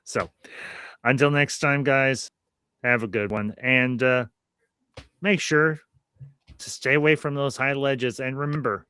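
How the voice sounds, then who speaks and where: A male podcast host talks in a bright, sharp and smooth voice, recorded dry and close. He chats casually and rambles, often restarting and repeating his phrases. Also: mid-range voice, animated, moderate pace, long pauses, dry recording. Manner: friendly sign-off, thanking viewers.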